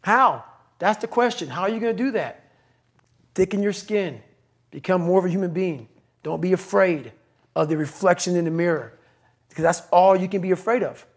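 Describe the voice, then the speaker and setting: Male podcast guest with a high voice: intense, profane, hammers short repeated commands. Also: normal speed, pauses often, breathy edge. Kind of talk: motivational interview talk.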